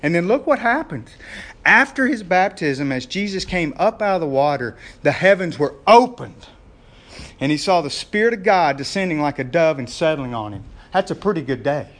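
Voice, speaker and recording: A man gives a sermon conversationally in a fairly high voice at a moderate pace. He refers to the congregation as "gang" and becomes loud and animated while acting out scenes.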